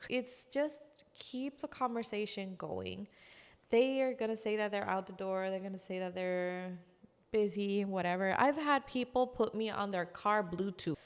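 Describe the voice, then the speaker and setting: A woman giving casual sales training, chatty, acting out customer calls in quick voices. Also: medium pitch, smooth, in a large hall. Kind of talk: casual instructional talk.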